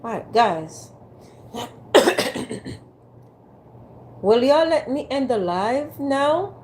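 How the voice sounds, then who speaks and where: Streaming casually from a phone on a ring light, this host teases her audience and sweetly urges them to type in the chat. She speaks very slowly in a high, sing-song, slightly mellow voice, with a little hiss or hum in the background.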